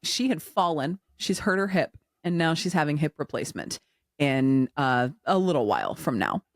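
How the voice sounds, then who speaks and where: A woman in her forties co-hosting a podcast, telling stories in a candid, animated way with quoted dialogue. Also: low-pitched, moderate pace, no room sound, clean studio sound. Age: 40s. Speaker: podcast co-host. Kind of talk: casual chat.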